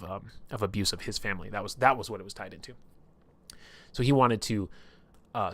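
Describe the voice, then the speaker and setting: A man's voice: sits low, a bit bright. A man casually retelling a story on a livestream, rambling and swearing often.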